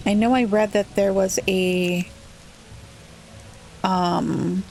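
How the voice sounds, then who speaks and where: Slow, gravelly-voiced woman gaming. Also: mid-range voice, fairly even intonation, darkish tone, slight background noise. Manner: thinks aloud, muttering and puzzling over the game. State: slightly rough voice. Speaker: let's play gamer. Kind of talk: relaxed gameplay commentary.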